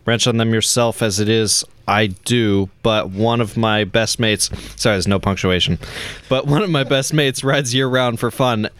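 A man's voice: lowish voice, normal speed, a bit bright, clear, resonant tone. A man co-hosting a podcast, reading a listener email aloud with joking asides. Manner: plain reading with asides and light laughs. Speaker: podcast co-host.

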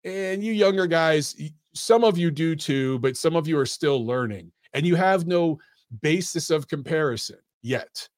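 A man's voice: fairly high pitch, lively intonation, moderate pace, dry recording, studio quality. A man in his forties hosting a podcast, giving a blunt, opinionated monologue and lecturing his listeners directly. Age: 40s. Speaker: podcast host. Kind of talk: opinionated boxing commentary monologue.

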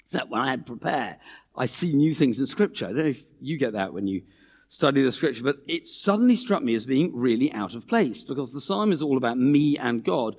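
A man preaching a sermon in a church, earnest and animated, repeating phrases and acting out quoted voices. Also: medium pitch, fairly quick.

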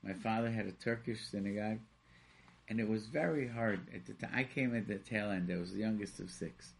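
A man's voice: fairly low pitch, fairly quick, gravelly, slight background noise. A man from Rochester, New York, telling stories in a casual talk show conversation and acting out the people he quotes. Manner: animated storyteller, acts out quoted voices.

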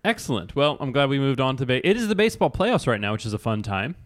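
A man's voice: mid-range voice, very animated, fast. A man hosting a podcast, teasing his co-hosts dryly in casual chat. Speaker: podcast host.

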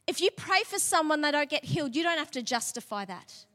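A high, bright woman preaches in a church hall, and her voice carries a long reverb tail. She tells her story in a chatty way with little laughs, then pushes into emphatic, fervent preaching. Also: lively intonation, fairly quick, hardly any pauses. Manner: conversational, laughing asides, building to emphatic preaching. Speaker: pastor. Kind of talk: sermon with personal story.

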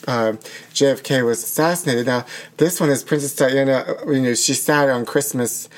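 A man's voice: mid-range voice, steady tone. Gossipy, campy man recapping a film. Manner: gossipy, campy storytelling with rapid asides. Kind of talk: casual chat.

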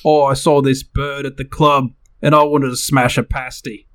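A man's voice: medium pitch, flat delivery, moderate pace, clean tone, voice pushed up, close to an everyday voice. A man briefly quoting a young British man bragging about a girl, in a near-normal voice.

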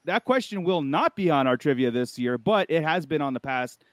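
Male podcast host: a little high, laughs a lot, loose rambling talk, dry sound, faint music. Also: expressive, moderate pace, no room sound. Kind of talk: casual live podcast chat.

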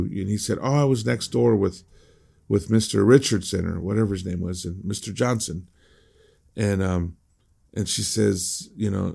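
Gravelly low-voiced male pastor. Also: steady tone, moderate pace, a little mellow. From United States. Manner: reads scripture then explains it, repeating words in restarts. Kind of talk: devotional Bible teaching.

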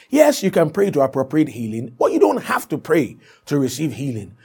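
A male preacher delivers an emphatic sermon, circling back over his points and sealing them with "Amen." His voice sits a little high and sounds husky and gravelly. His pitch rises and falls with lively energy.

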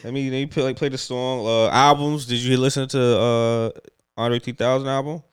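A man's voice: medium pitch, steady tone, moderate pace, clean tone, no echo, studio quality. A man co-hosting a casual podcast, laid-back and teasing, rambling as he introduces songs. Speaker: podcast co-host.

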